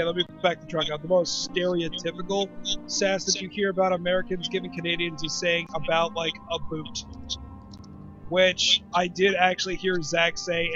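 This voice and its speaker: A man streaming a game he plays, chatting in a quick, offhand and joking way. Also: sits high, a bit bright, dull audio. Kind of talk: casual gaming stream chat.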